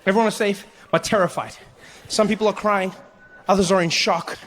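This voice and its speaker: A male stand-up comedian telling an animated story and acting out every character. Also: sits high, fairly quick, slight background noise. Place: comedy stage with laughing audience.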